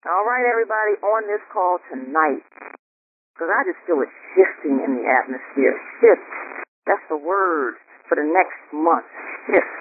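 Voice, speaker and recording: A man with a high, swooping voice leads business owners in call-and-response affirmations, drawing out each word with fervent emphasis. It comes through a tinny phone line with a faint hiss. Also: animated. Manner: emphatic, drawn-out words, exclaims praise.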